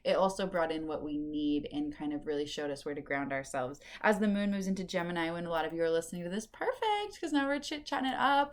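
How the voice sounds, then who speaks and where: A woman hosting a casual solo spirituality podcast, chatty and meandering, with lots of fillers. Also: on the low side. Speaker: podcast host and intuitive reader.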